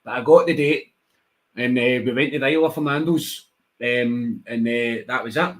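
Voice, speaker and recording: A man's voice: medium pitch, normal speed. A Scottish man, a wrestler guest on a radio show, telling stories in casual chat and acting out the voices. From Scotland. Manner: animated storyteller, acts out voices, laughs often.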